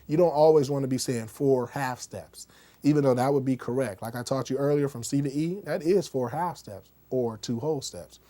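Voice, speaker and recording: Casual male music teacher, mellow voice. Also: mid-range voice, moderate pace. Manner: conversational, keeps checking in with "okay?" and "right?"; demonstrates on a keyboard while explaining.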